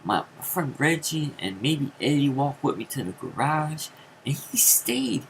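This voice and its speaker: A man telling a rambling story in a casual vlog, with many fillers and sudden jumps into high acted quotes. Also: expressive, measured pace, slight background noise, poor audio. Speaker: vlogger.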